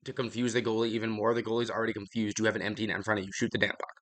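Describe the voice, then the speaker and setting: A man's voice: on the low side, level tone, very fast, fairly bright tone. A young man hosting a podcast, rambling bluntly through casual hockey commentary, out of breath and swearing freely. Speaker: podcast host.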